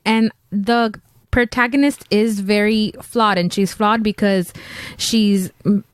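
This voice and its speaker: A woman's voice: medium pitch, clear, resonant tone, no room sound. A woman co-hosting a podcast, chatting casually about movies, laughing often and cutting in with short remarks. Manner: laughs often, quick interjections. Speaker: podcast co-host.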